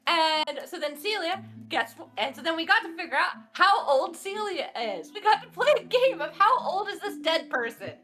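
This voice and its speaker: Very high-voiced giggly woman recapping. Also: animated, normal speed, hardly any pauses, sharp tone. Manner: giggly, breathless storytelling, frequent swearing. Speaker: player recapping a tabletop session. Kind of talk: casual recap of a game session.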